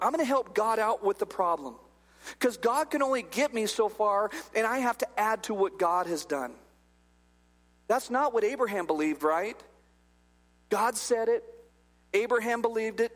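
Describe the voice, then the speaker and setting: A male pastor preaching a humorous, conversational sermon in a church, acting out little dialogues as he goes. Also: sits high. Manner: jokey, acts out little dialogues. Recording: long hall reverb.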